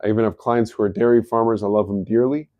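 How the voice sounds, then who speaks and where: A middle-aged man hosts a live health stream, explaining things in a casual, easygoing way and chuckling at his own jokes. His voice is fairly low with fairly even intonation and a quick pace. The recording is dry, with narrow, tinny audio.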